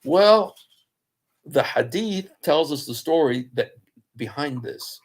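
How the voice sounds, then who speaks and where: A man's voice: a little high, animated, takes it slowly. A man giving an informal talk on scripture, telling the story conversationally and acting out the quoted speech of the people in it. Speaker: Christian apologist speaker.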